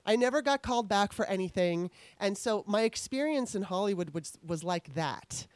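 A woman's voice: mid-range voice, lively intonation, moderate pace, no room sound. A middle-aged woman interviewer telling candid stories in a rambling, restarting way. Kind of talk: casual interview storytelling.

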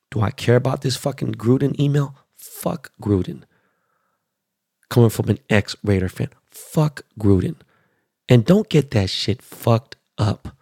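A man in his forties from Los Angeles, ranting about sports in a blunt, profane, excitable way as a show host. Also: on the low side, creaky, no room sound, studio quality. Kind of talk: casual sports rant.

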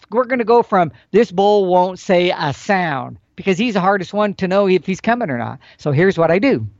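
A middle-aged man with a high voice, captured in a dull, dry recording, explains hunting techniques as an expert guest. His casual instruction is animated and folksy, with expressive swings as he demonstrates.

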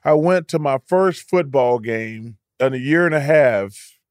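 An older man talks loose and loud on a podcast, laughing easily and giving his opinions bluntly. His voice sits at an ordinary male pitch. It is recorded close and dry, with no room echo. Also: expressive, unhurried. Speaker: podcast co-host. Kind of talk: casual podcast chat.

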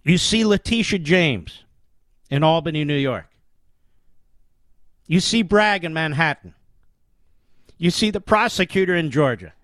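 A man with a fairly high voice delivers a forceful, declamatory political monologue as a talk show host. He hammers his points home with repeated phrases. The recording is dry and close, with no room echo. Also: lively intonation, measured pace, pauses often. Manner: emphatic, declamatory, heavy rhetorical repetition.

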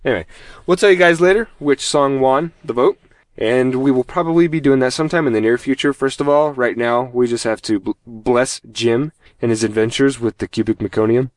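A man's voice: mid-range voice, brisk, dry recording. A man hosting a casual gaming podcast, rambling through announcements with self-mocking jokes and frequent laughter. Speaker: podcast host.

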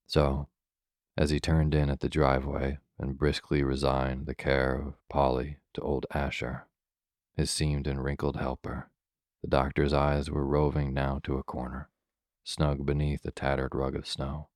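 A man reading a bedtime story aloud in a slow, soothing, measured way. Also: rumbling low, completely flat delivery, darkish tone, dry recording, clean studio sound.

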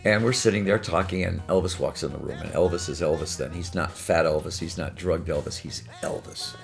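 An older man from Detroit telling lively, punchline-driven stories as a guest in a conversation. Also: deep voice, a little fast, creaky, faint music behind. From Detroit, USA. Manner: animated, punchline-driven storytelling. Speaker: guest storyteller. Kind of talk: anecdotal storytelling in conversation.

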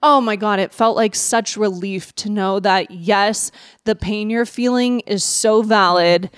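A woman on a podcast telling a personal story in an animated way, laughing often. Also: mid-range voice, a little slow, clear, resonant tone, dry recording, clean studio sound. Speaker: podcast guest. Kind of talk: casual podcast chat.

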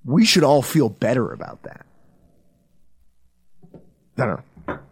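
A man hosting a sports podcast, telling stories in a lively, swearing, casual way. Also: slow, husky, dry recording. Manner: animated, storytelling, swings between low intensity and loud outbursts. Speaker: podcast host.

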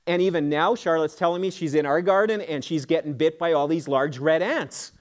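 A man's voice: fairly high pitch, fairly quick. A middle-aged man, a pastor, preaching in church in an earnest, emphatic way with homely jokes and asides. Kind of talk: sermon. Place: church sanctuary.

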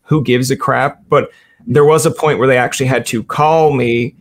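A man's voice: mid-range voice, fairly even intonation, normal speed. A male podcast host asking rambling, hesitant questions in a casual interview.

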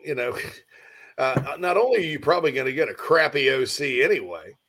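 A man hosting a casual live-stream sports talk show, rambling and animated while reading viewer comments, yawning and distracted. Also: medium pitch, brisk.

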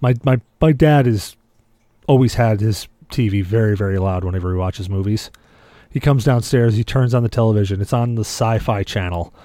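A man hosting a podcast, telling rambling, animated stories in casual chat. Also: lowish voice, normal speed, dry recording. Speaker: podcast host.

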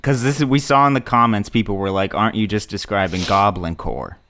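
A man co-hosting a casual comedy podcast, dropping in quick short remarks. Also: lowish voice, bright, forceful tone, slight background noise. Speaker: podcast co-host.

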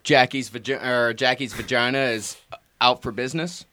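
A man's voice: mid-range voice, normal speed. A man on a casual podcast who teases the others in a mock-announcer manner. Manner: mock-announcer teasing, addresses "ladies and gentlemen". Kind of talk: casual chat.

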